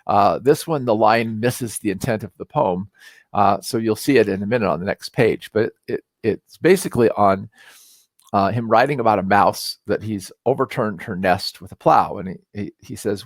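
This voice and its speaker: A man teaching a recorded lesson, explaining casually with fillers and reading verse slowly with emphasis. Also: fairly low pitch, no room sound. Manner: explains in a relaxed, conversational way with fillers. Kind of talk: recorded lecture.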